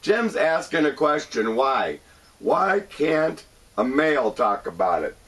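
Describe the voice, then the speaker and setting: A man with a husky, gravelly voice speaks an earnest personal monologue, stumbling and repeating words as he goes. His pitch rises and falls a lot. He sits some distance from the microphone. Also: big pitch swings, slow, fairly bright tone. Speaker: show host.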